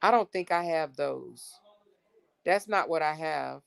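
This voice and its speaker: A woman's voice: low-pitched, slow pace, creaky, smooth. A woman hosting a casual livestream, reading text messages aloud to her viewers in an exasperated, blunt way and swearing freely. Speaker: livestream host.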